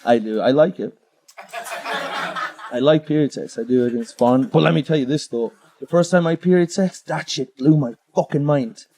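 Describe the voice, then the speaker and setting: A young man doing crude stand-up on stage, laughing as he swings between high yelps and low mutters. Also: normal speed. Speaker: stand-up comedian. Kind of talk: live stand-up set. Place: comedy club stage. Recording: live club with loud crowd laughter.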